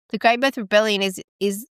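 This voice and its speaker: Her mid-range voice is clear and resonant, caught on a dry, studio-quality recording. This woman hosts a podcast in casual chat and is excitable, gasping and exclaiming as she reads the results and stats aloud.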